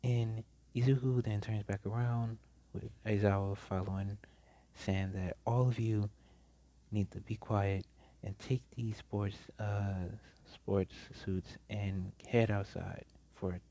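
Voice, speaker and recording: A man casually telling a fan story, rambling and often restarting his sentences. His voice is fairly low and mellow. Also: steady tone, takes it slowly.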